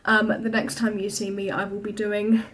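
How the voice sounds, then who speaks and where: A young woman vlogging casually about a theatre trip, excitable and rambling, filming herself on a phone. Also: mid-range voice, normal speed, slight background noise. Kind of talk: casual chat to camera. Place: theatre auditorium and lobby. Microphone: phone held for self-filming.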